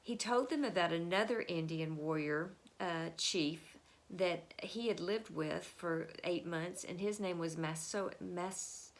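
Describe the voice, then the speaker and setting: Chatty woman telling a history story. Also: fairly low pitch. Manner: chatty storytelling with many fillers; acts out the historical figures with quick changes of voice. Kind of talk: casual spoken history lesson.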